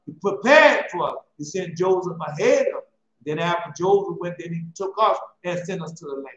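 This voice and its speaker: A man's voice: high voice, a bit bright, highs cut off. Guy preaching a sermon, kinda rambly, faint hum behind, roomy sound. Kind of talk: sermon reading and commentary.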